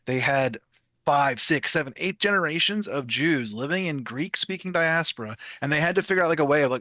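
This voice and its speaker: Rambling male co-host, slightly high voice, dry sound, lots of filler words. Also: a bit bright, no room sound. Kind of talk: casual chat.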